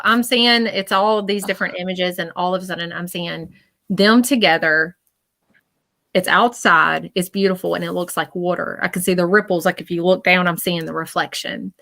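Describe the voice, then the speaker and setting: A woman giving a psychic reading on a live stream, chatty and repetitive, often pausing to listen. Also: on the low side, gravelly, fairly bright tone, no echo. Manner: chatty, repeats herself, often pauses to listen.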